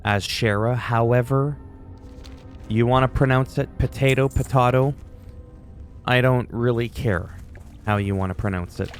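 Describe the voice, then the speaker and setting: Profane gamer ranting. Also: male voice, mid-range voice, steady tone, normal speed, faint music behind. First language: French. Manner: ranty, profane, opinionated. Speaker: gaming YouTuber. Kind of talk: casual gameplay commentary.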